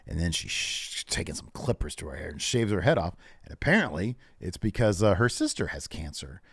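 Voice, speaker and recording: A man co-hosts a wrestling recap show in a loose, conversational way and leans on "uh" as he goes. His voice sits a little low, recorded close and dry with no room sound. He lifts his pitch when he quotes the wrestlers. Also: fairly quick, gravelly, slightly rough, dry recording. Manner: relaxed recapping with filler "uh"s, quotes wrestlers in a raised voice. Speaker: podcast co-host.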